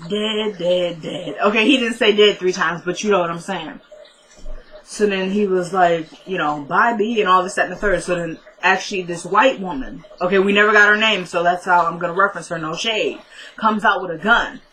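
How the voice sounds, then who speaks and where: A woman's voice: fairly low pitch, fairly quick, sharp tone, a little hiss or hum, rough recording. A young woman recapping a TV episode in casual chat, talking straight to her viewers and laughing often. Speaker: TV recap vlogger.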